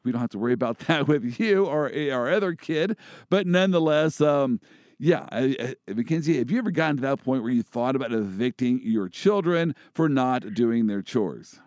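A man's voice: medium pitch, dry recording, clean studio sound. A man hosting a casual chat about legal cases, joking and restarting often as he explains. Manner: joking, animated, many restarts. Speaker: host and First Amendment lawyer.

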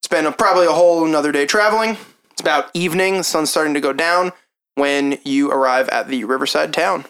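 A man's voice: a little high, brisk, a bit bright, smooth. A young man narrating a tabletop game as game master, describing scenes in a casual, loose way. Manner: casual, descriptive, breaks into townsfolk voices.

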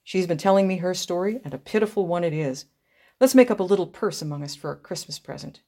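A woman plays a kindly, practical older aunt in a storybook, firm and reassuring. She speaks a little higher and fuller than the narration, with cheerful confidence. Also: fast talker, mellow.

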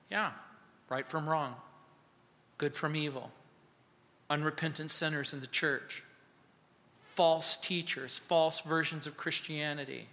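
A man preaching a sermon as pastor, slow and emphatic, with dramatic pauses. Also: on the high side, bright, forceful tone, long reverb tail. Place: church sanctuary.

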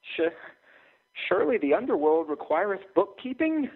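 A man's voice: sing-song, moderate pace, husky. A man voicing a panicky, cowardly young male desk clerk who pleads frantically in a raised voice. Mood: pleading. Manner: frantic, high-pitched pleading. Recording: tinny phone line.

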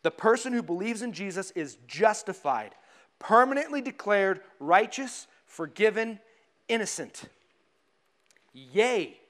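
Male pastor, high voice, lively sermon delivery with scripture readings. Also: normal speed. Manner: animated, laughing often, reading scripture aloud. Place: church.

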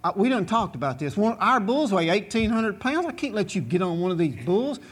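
A man voicing his cautious, gruff farmer father in a comic story. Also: high voice, very animated, a little fast, exaggerated voice. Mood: stern.

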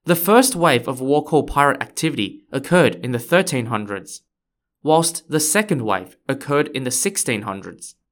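A man hosts and narrates a history podcast from a script. His mid-pitched voice has a friendly, explanatory tone with the odd playful touch. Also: expressive, moderate pace. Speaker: podcast host.

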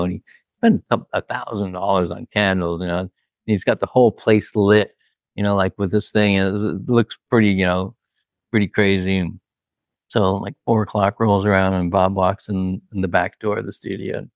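A man's voice: low voice, steady tone, normal speed, vocal fry, no room sound. A man, a record producer, telling studio stories in a rambling, casual way, full of "like" and "you know", laughing at his own anecdotes. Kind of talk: casual storytelling.

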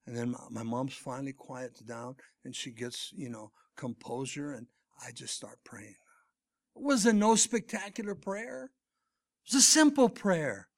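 A middle-aged pastor preaching a sermon, swinging between loud emphatic lines and hushed near-whispers. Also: male voice, medium pitch, expressive, unhurried, vocal fry.

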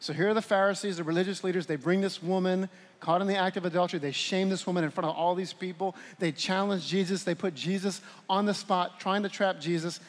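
A man in his forties delivers a sermon with a high, bright-toned voice, shifting between playful asides and earnest points. His words ring out with a long reverb from a large church hall. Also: quick pace. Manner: animated, conversational preaching with playful asides. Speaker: pastor.

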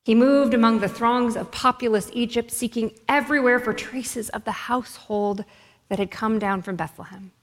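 A woman narrates a story in a measured, expressive reading voice. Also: on the high side. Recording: long hall reverb.

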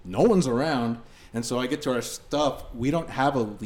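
A musician guesting on a podcast recounts a tale from the road at normal speed in a mid-range voice. The chat is loose and animated, laced with profanity and heaped with fillers.

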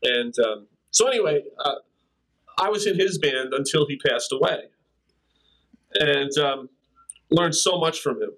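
Speaking fairly high and expressively, this older drummer takes his time as an interview guest, pausing often while he rambles through anecdotes, laughs, and scats out rhythms. His tone is a bit bright, and the recording is rough.

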